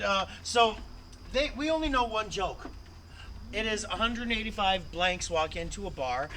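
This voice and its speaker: A man's voice: high voice, sharp tone, a little hiss or hum, low-quality recording. A man hosting a live online improv show, upbeat, laughing often and cursing casually as he runs the games. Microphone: home video call setup.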